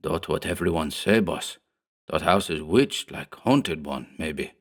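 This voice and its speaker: A hulking, hog-necked thug who speaks in broken English and begs his boss to listen, skittish and superstitious, as a man puts him on. The voice sits low and is read like a pulp radio play. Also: animated, moderate pace, a bit bright. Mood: hushed, fearful.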